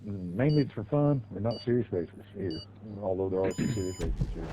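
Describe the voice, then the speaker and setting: A man's voice: low-pitched, animated, brisk. A middle-aged man, hosting a live game stream with laid-back, rambling, folksy talk. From Southwest Virginia, USA. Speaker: streamer and race host. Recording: game car noise behind voice.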